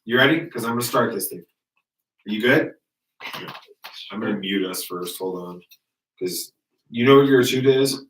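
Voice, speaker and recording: A man's voice: lowish voice, normal speed, long pauses, a bit bright. A man hosting a podcast, teasing his co-hosts and hurrying them to start recording. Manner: teasing, bossy, hurrying the others along. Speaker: podcast host. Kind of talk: casual chat before a podcast recording. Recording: echoey room, mic far off, faint noise.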